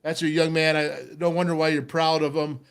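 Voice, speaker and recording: A middle-aged man hosting a sports talk show, telling a lively football story and acting out voices. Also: a little high, brisk, clean tone. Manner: animated storyteller, acts out voices, laughs often. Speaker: radio show host, former football player.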